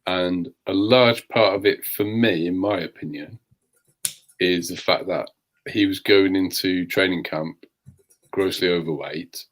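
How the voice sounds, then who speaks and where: A man on a live show calmly giving his opinions on boxing. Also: deep voice. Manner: measured, opinionated. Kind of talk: casual boxing analysis.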